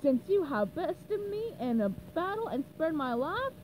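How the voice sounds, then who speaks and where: A stern male knight booms out slow, old-fashioned lines, as a woman reads him aloud. He sounds loud and deliberate, and the voice sits a little higher than a real man's. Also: very animated, a little hiss or hum, full character voice, low-quality recording. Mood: formal. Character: booming male dark knight, stern, formal.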